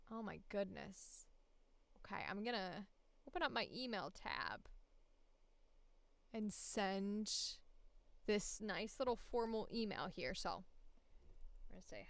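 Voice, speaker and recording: A woman's voice: mid-range voice, animated, slow, gravelly, long pauses, dry recording. A woman voice actor chatting casually on a livestream, laughing often and swearing freely. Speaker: voice actor streamer.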